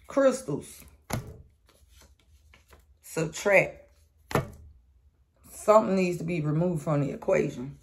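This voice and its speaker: A woman does a casual collective tarot reading, speaking bluntly with slang and profanity and calling listeners sweetheart. Her low voice is slow with long pauses, over a noisy background.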